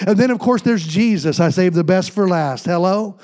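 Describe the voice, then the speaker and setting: A man's voice: sits high, normal speed, few pauses, a little mellow. A man preaching a sermon, reading scripture and tossing call-and-response asides to the congregation, with the occasional joke. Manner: jokes with congregation. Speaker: pastor.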